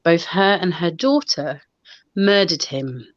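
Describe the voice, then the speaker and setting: A woman's voice: fairly low pitch, big pitch swings, takes it slowly, no room sound, highs cut off. A woman, casually telling a local story over a video call, rambling with restarts and fillers. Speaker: paranormal investigator and show co-host. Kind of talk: casual storytelling on a live online show.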